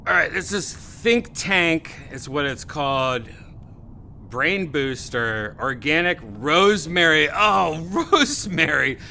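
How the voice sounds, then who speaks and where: A man's voice: fairly high pitch, big pitch swings, takes it slowly, creaky, pushed and bright, a little hiss or hum. A man hosting a podcast, in loose casual chat with rambling, laughing riffs. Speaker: podcast host.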